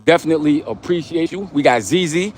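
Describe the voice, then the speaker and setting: A man's voice: fairly high pitch, fast, faint music behind. A young man from Long Island, hosting a casual livestream, giving motivational talk in street slang and repeating his points. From Long Island, New York. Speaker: livestream host.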